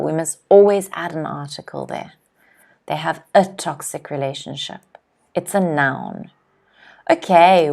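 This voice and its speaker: A young woman teaching English in a live online lesson, reading out viewers' comments and drilling new words with clear, slow pronunciation. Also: medium pitch. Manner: clear, slow word-by-word pronunciation drills with frequent "okay?" checks; reads viewers' comments aloud and laughs lightly.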